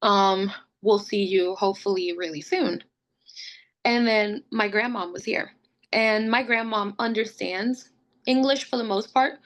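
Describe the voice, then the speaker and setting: A young woman, a podcast guest, telling a personal story casually and acting out what others said. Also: medium pitch. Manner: animated, acts out quotes of others.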